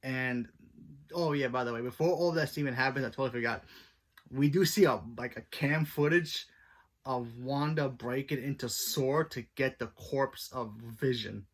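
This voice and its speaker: A man's voice: mid-range voice, normal speed. A man with an everyday mid-range voice runs through a TV episode in a casual spoiler review. He rambles, leans on "you know" and "like", and stops to correct himself while he thinks aloud. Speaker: TV show reviewer.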